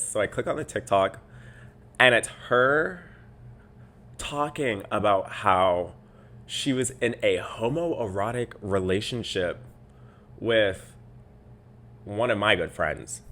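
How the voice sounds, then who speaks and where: Young male podcast host, bright edgy voice, exasperated storyteller. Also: lowish voice. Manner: exasperated, animated storytelling with mocking quoted voices. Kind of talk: casual podcast rant.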